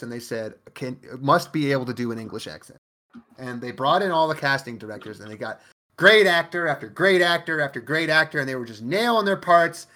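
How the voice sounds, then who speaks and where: A man's voice: on the high side, pushed and bright. A man co-hosting a podcast, ranting animatedly in casual review chat, swearing and laughing often. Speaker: podcast co-host.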